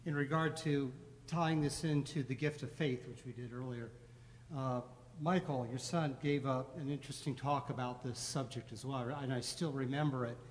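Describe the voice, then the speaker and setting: A man in a Bible class, asking a question in measured speech. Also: medium pitch, fairly even intonation, in a large hall, a little hiss or hum. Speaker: class member.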